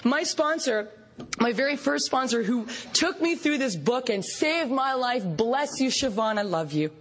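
A woman from Canada giving an animated recovery meeting share, storytelling with laughs and acted-out quotes. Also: sits high, a little slow, slight background noise. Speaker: recovery fellowship speaker.

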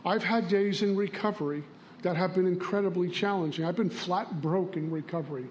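High-voiced man telling recovery stories. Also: brisk, slight background noise. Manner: storytelling, plainspoken, acts out dialogue. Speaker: recovery meeting speaker. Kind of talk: recovery share.

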